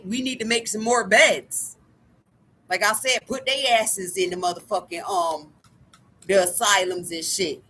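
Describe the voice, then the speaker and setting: High, sharp-voiced woman ranting angrily. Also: slightly rough. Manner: angry, profane, keeps repeating "like I said". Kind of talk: ranting monologue to camera.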